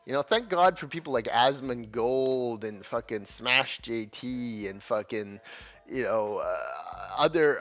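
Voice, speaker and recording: Foul-mouthed ranting man, lively pitch. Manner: profane, scornful, heated. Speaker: gaming commentator. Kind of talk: ranting video commentary. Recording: dull lo-fi audio with faint music.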